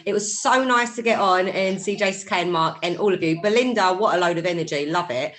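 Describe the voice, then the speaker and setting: A woman chatting casually on a video call, friendly and warm. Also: lowish voice, fairly quick. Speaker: guest.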